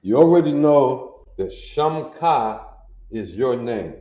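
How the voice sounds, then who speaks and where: A man's voice: medium pitch, lively intonation, slow, warm tone. A man teaching a classroom language lesson, repeating phrases and quizzing his listeners as he goes. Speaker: language instructor. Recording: echoey room, dull lo-fi sound.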